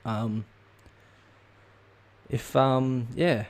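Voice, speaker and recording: Drawing out his words in a steady, medium-pitched voice, a man hosting his own show delivers a casual, swear-filled comedic rant. He rambles, restarts often, and says um a lot.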